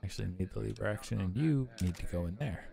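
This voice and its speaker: A man's voice: fairly low pitch, lively intonation, fast, gravelly, mellow. A young man chatting casually and bluntly with profanity while streaming a game. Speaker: gaming streamer. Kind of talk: casual chat while gaming.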